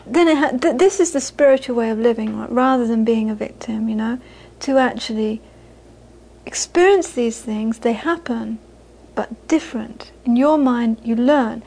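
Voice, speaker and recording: A woman's voice: fairly high pitch, normal speed, vocal fry, darkish tone, rough recording. A middle-aged woman teaching Buddhism in an informal talk, chatty and repeating phrases for emphasis, often laughing. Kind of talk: informal dharma talk to an audience.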